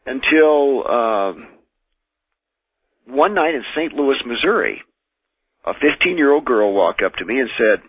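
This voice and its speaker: A man's voice: mid-range voice, husky, dry recording. American man on a tinny phone line. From United States. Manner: measured, earnest storytelling with frequent restarts. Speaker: exorcist and minister, radio guest. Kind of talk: radio call-in interview, recounting experiences. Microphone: telephone.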